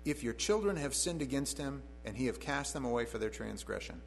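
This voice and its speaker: A middle-aged man teaches from the Bible in a loose, conversational sermon, dropping wry and sarcastic asides to the congregation. His voice has a gravelly, fry-heavy edge at a middling pitch. A faint hum of noise sits under the recording. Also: normal speed, long reverb tail, low-quality recording. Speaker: preacher.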